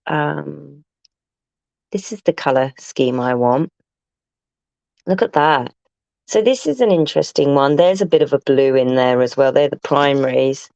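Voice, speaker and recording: A woman's voice: low voice, creaky, a little mellow, no echo, lo-fi sound. A woman hosting a live craft demonstration, chatty and enthusiastic as she thinks aloud and answers viewers. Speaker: craft tutor hosting a livestream.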